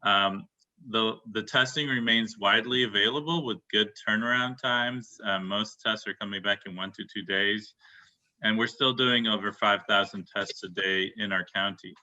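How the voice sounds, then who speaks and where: A man's voice: on the low side, moderate pace, sharp tone, highs cut off. A man giving a county health update on a video call, informal, with many fillers and restarts. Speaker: county deputy health officer.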